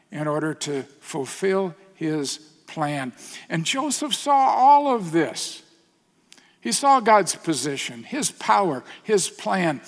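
A middle-aged male pastor delivers a sermon at a very unhurried pace, with a somewhat high voice. His earnest storytelling often sinks to a soft, hushed tone. Long reverb from the hall trails behind his words.

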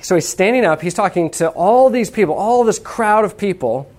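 A man preaching a sermon to a live audience, lively and humorous, checking in with the listeners and acting out what people say. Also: sits high, normal speed. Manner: talks to the audience with many "okay?" checks. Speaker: pastor teaching on evangelism.

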